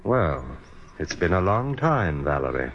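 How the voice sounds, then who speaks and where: An actor playing a calm, quietly menacing eye surgeon in a 1940s radio drama. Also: male voice, deep voice, measured pace, full character voice. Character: scheming middle-aged male eye surgeon, cold and bitter. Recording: dull old radio recording with faint hiss.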